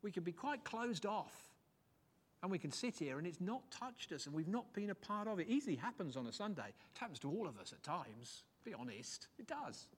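A male preacher, delivering a sermon in church. His voice sits high for a man, and he swings his pitch and loudness widely to drive points home. The delivery is animated and jokey. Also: normal speed, slightly rough.

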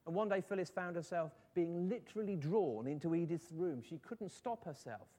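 A man's voice: fairly high pitch, expressive, normal speed, warm tone. A man preaching a sermon, telling a story in an earnest voice and rising to fervent appeals.

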